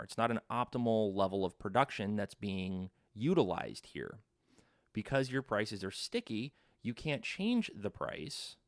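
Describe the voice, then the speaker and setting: A man's voice: mid-range voice, no room sound, studio quality. A man in his thirties giving a casual economics lecture, informal and chatty, full of asides and the odd swear word.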